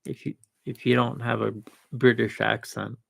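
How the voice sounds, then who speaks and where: A man's voice: mid-range voice, level tone, moderate pace, creaky, a bit bright, no room sound. A man hosting a live video stream, chatting casually in a rambling way, full of restarts and confident asides. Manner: rambling, with self-assured asides and many restarts.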